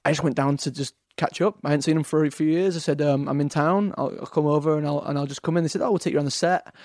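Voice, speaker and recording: A man's voice: a little high, fairly even intonation, fast, a little mellow, dry recording, clean studio sound. A man with an English accent, a guest talking casually on a podcast, hesitant with fillers and restarts. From England. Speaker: actor guest.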